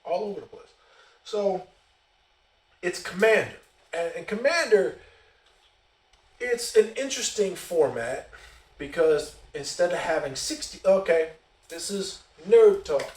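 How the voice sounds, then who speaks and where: A man hosting a casual storytelling podcast, animated and profane in a conversational way. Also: high-pitched, unhurried, pauses often. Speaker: podcast host. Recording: roomy echo, distant mic.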